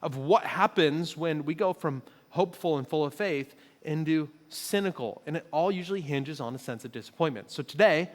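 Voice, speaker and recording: A male pastor delivers a relaxed, joking sermon, slipping into animated voices when he quotes people. His voice sits somewhat high for a man. Everything rings out with the long reverb of a large church auditorium. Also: normal speed, hardly any pauses. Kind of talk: conversational sermon.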